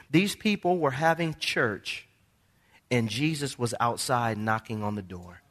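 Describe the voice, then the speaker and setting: A male pastor preaching a sermon in a church, calling for responses from the congregation and swinging from hushed tones to shouts. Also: mid-range voice, animated, a little slow. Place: church sanctuary during a service.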